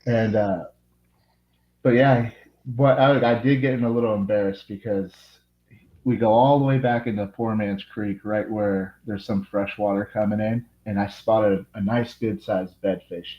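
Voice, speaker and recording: A man's voice: lowish voice, fairly even intonation, a little slow, roomy sound, highs cut off. A man casually telling how his fishing tournament day went, rambling with lots of "like". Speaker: tournament angler interviewee. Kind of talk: casual storytelling.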